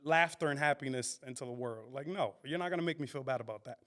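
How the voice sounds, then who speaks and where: Animated Dominican man with a smooth voice. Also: medium pitch, fast. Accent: Dominican Spanish. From Dominican Republic. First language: Spanish. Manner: animated, switching between English and Spanish. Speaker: comedian guest. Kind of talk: casual podcast interview.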